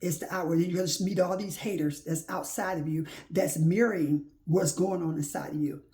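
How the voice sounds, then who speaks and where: Woman, gravelly and mellow, informal faith preacher who hammers home rhetorical questions. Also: fairly low pitch, fairly even intonation, normal speed. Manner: exhorting, repeats rhetorical questions; folksy spoken phrasing. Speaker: faith-based motivational speaker.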